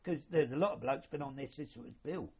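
Older man, husky, plain middle pitch, rambling chatty storyteller, dull lo-fi recording. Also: fast, darkish tone. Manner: rambling, colloquial, mild swearing. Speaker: interviewee, former royal yacht sailor. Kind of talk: casual reminiscing.

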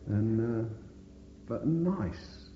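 Older man, blunt swearing storyteller, lively rising and falling voice, long room reverb. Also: mid-range voice, extremely slow, a little hiss or hum. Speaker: veteran interviewee. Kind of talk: oral history recollection. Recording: dull echoey recording in reverberant room.

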